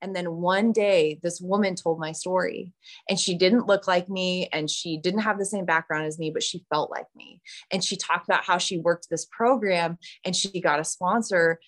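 A woman's voice: lowish voice, fairly even intonation, normal speed. A woman guest on a podcast, candidly telling her personal recovery story and acting out voices from it.

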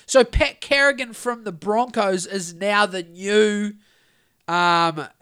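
A man's voice: high voice, takes it slowly, sharp tone, smooth. A man with a New Zealand accent, co-hosting a podcast in a heated, profane rant. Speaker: podcast co-host.

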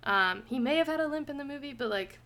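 A young woman hosts a casual book podcast in a bright, slightly high voice. She talks in an animated way, laughs often and fills her sentences with "like." It sounds like an easygoing chat with a friend. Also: quick pace. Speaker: podcast host.

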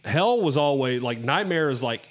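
A man in casual chat with friends, animated and jokey, often restarting his sentences. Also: medium pitch, normal speed.

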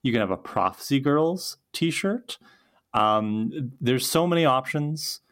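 A man's voice: mid-range voice, animated, takes it slowly, a bit bright. A man co-hosting a podcast, rambling and thinking aloud in casual chat, with many likes. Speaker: podcast co-host. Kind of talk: casual chat with a sponsor-style plug.

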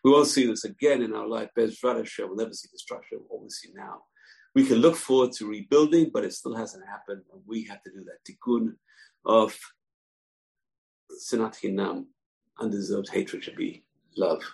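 A man's voice: lowish voice, gravelly, rough recording. A man teaching a Torah class. He speaks earnestly, mixing Hebrew phrases into his lecture, with frequent fillers. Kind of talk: religious lecture.

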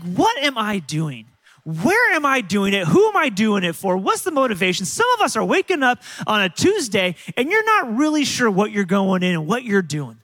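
Guy pastor preaching, high sharp voice, lots of restarts, big echoey hall. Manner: animated storytelling with frequent restarts. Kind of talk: sermon. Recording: long hall reverb.

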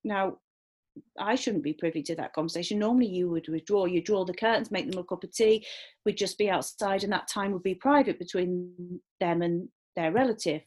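A woman's voice: fairly low pitch, a little fast, a little mellow. Troubled woman nurse from Liverpool.

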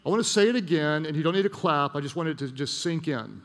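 Gravelly-voiced man preaching in a large hall. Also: a little high, animated. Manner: storytelling with emphatic repetition, dropping soft and slow at emotional moments. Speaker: pastor. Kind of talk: sermon.

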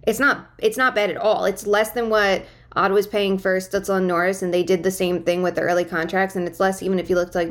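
A woman co-hosting a podcast, giving enthusiastic analysis in casual chat with lots of fillers. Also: medium pitch. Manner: enthusiastic, rapid, many fillers. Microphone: remote call setup.

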